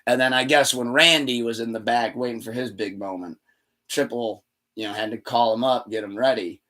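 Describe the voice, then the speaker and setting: Bright-voiced man casually chatting. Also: mid-range voice, moderate pace. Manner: loose, rambling, swears freely; animated retelling with acted-out quotes. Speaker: podcast host. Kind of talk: casual chat.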